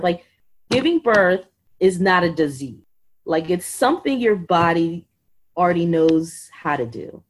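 A woman in her thirties, a podcast guest telling her own story in an animated, exasperated way. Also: lowish voice, unhurried. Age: 30s. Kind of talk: conversational storytelling.

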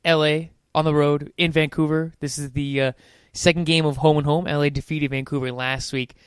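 A man's voice: a little high, normal speed, clean tone, no echo, studio quality. A man co-hosting a soccer podcast, chatting loosely about matches with plenty of fillers. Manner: relaxed, loose chat with fillers. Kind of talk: casual sports chat.

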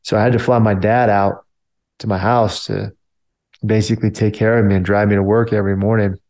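Man, army veteran, casual storytelling, lowish voice, loose filler-heavy talk. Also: level tone, a little fast, a little mellow.

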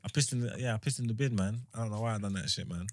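A young man with a London accent telling a funny story in casual podcast chat, animated and full of slang. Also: on the low side, very fast, a little hiss or hum. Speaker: podcast co-host.

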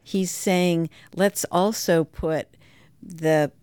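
A woman with a very low voice speaks slowly and reflectively as a dance scholar being interviewed. The sound is dry and close, with no room around her. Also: steady tone, darkish tone, smooth, no echo. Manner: thoughtful, reflective explanation.

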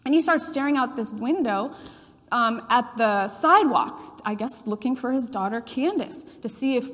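A woman's voice: fairly high pitch, lively intonation, normal speed, fairly bright tone, long reverb tail. A woman pastor preaching a sermon, telling a story with frequent fillers.

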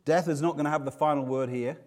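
A man preaching a sermon, swinging between loud, emphatic passages and hushed, slow ones. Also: on the high side, fairly even intonation.

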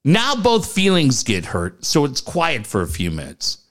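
A man's voice: mid-range voice, a little slow. A middle-aged man with a Southern Californian accent, co-hosting a studio podcast and telling a story, acting out the voices of the people in it. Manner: animated, acts out quoted voices. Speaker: podcast co-host. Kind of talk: storytelling casual chat.

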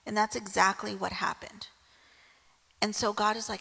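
A woman's voice: mid-range voice, flat delivery, normal speed, vocal fry, pushed and bright, big-room sound. A woman preaching a casual sermon, telling the story in a chatty way with frequent "right?" asides.

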